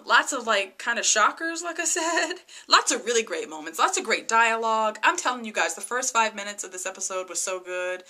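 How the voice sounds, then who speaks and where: A woman vlogger recapping a TV episode in a casual, excitable way, full of "like" and "you know". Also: a little high. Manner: chatty, lots of "like" and "you know" fillers; excitable, gushing.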